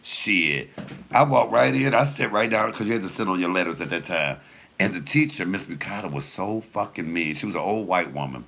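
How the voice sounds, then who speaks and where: Male comedian, low gravelly voice, bright edge, casual storytelling, talks to viewers. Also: brisk, slight background noise. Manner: animated, profane, laughing storyteller; addresses viewers directly.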